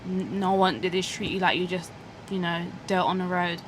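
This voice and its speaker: A woman telling a lively story as a guest in a taxi, acting out the voices of the people she met. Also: lowish voice, normal speed, slight background noise, rough recording. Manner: animated, acts out quoted voices, says "innit". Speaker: guest passenger. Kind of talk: casual storytelling chat. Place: inside a taxi.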